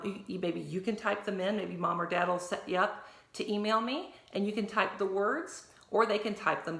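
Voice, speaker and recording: A woman teacher giving a reading lesson to young children, spelling words out slowly and clearly. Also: mid-range voice, sharp tone, roomy sound. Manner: slow, clear spelling out of letters for young learners.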